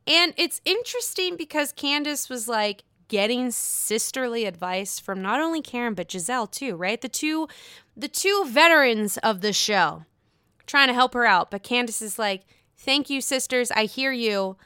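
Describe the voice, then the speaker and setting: Bright, profane woman podcaster. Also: on the high side, lively intonation, normal speed, clear, resonant tone, no room sound, clean studio sound. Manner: profane, blunt and sarcastic. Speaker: podcast host. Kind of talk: casual reality TV recap.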